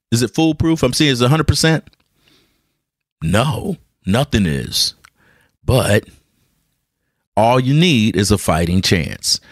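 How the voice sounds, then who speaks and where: Animated man telling a story. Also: lowish voice, dry recording, clean studio sound. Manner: animated, jokey, repeats words, talks to listeners. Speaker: podcast host. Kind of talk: casual storytelling monologue. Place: hot room at home with a ceiling fan.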